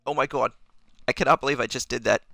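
A man's voice: medium pitch, steady tone, fast talker, creaky, pushed and bright, no echo, clean studio sound. A young man streaming a game in character, talking in a manic, rambling, self-mocking way. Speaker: gaming streamer. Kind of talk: in-character let's play commentary.

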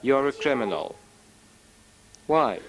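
A man reading a translated voice-over of a live stage play, switching quickly between the characters' lines. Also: medium pitch, expressive. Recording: voice-over on a live theatre recording with a loud audience.

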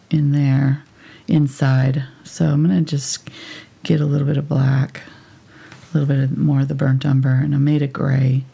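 Gravelly low-voiced woman teaching painting. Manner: thinks aloud while working, relaxed and chatty. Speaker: painting instructor. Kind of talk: live step-by-step painting tutorial.

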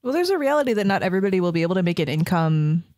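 A woman's voice: fairly low pitch, sing-song, racing, darkish tone, dry recording, studio quality. A woman co-hosting a casual podcast chat, blunt and opinionated. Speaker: podcast co-host.

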